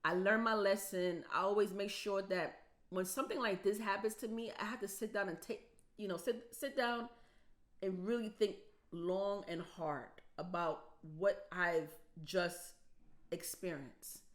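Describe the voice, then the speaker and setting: A woman's voice: medium pitch, steady tone, a little slow. Woman vlogger, casual storytime, emphatic and repetitive, voice cracking from tears. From United States.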